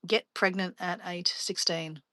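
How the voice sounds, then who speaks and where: A woman travel vlogger chatting on a live stream, her voice bright and forward. She rambles through stories and laughs easily. The sound is close and dry, with no room around it. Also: on the low side, steady tone, a little slow, no echo. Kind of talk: casual live stream chat.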